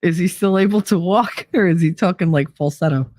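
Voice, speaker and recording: A woman's voice: lowish voice, a little fast, a little mellow, no room sound, clean studio sound. A woman in her forties hosting a casual live-chat show, chatty and teasing, laughing often as she reads comments. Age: 40s. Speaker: host.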